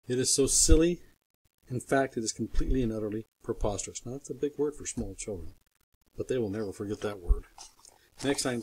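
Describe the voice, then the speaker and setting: Older grandpa guy reading a kids book out loud, goofy and fake-annoyed, sudden silly yells. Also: lowish voice, fast, slight background noise. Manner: playful, mock-exasperated, bursts into loud silly voices. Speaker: reader. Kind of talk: reading a children's book aloud.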